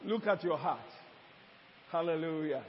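A man preaching to his congregation, his voice pitched high and bouncing off a long-echoing hall. He teaches, jokes and calls out to the room between points. The sound is muffled and dull. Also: unhurried, a little hiss or hum. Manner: preaching with call-and-response asides and laughter. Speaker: pastor. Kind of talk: sermon. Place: church hall.

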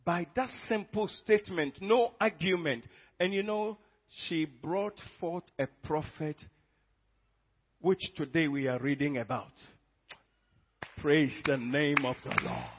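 A man's voice: high-pitched, breathy edge. A man pastor, preaching an emphatic sermon and calling out to his congregation. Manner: emphatic, exhorting, calls to the congregation. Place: church hall. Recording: dull lo-fi recording with long church reverb.

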